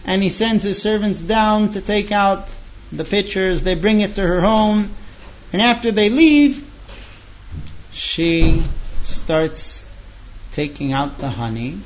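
A man telling a traditional story in a lively way, with dramatic pauses. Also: sits high. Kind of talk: oral storytelling. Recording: dull lo-fi recording.

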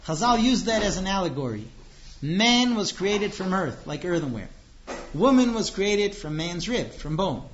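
A man's voice: high voice, very animated, normal speed, slight background noise. A man giving an earnest, explanatory religious lecture on marriage, acting out dialogues along the way. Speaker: religious teacher. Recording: dull lo-fi recording.

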